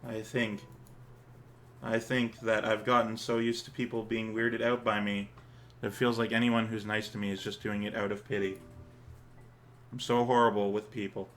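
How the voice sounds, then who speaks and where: A man reading the lines of a shy, self-loathing teenage girl in a soft, subdued, hesitant voice while playing a visual novel. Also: lowish voice, level tone, moderate pace, slight background noise, lightly acted. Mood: ashamed.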